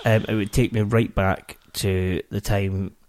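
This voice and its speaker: A man's voice: lowish voice, level tone, a little mellow. A man co-hosting a family podcast, talking casually with many restarts and fillers. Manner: halting, full of restarts and fillers. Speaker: podcast co-host. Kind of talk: casual chat.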